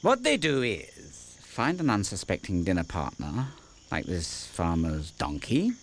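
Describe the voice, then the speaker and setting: A man's voice: low voice, big pitch swings, a little slow, a little hiss or hum. A man narrating a nature documentary for kids in a playful, jokey scripted style with wisecracking asides. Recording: background music with crickets.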